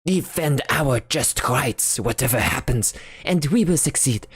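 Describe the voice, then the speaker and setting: A woman voicing a middle-aged father who stammers and blusters in excitable, indignant bursts. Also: very deep voice, measured pace, husky, no echo, studio quality, voice pushed up, heavily acted. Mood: defiant.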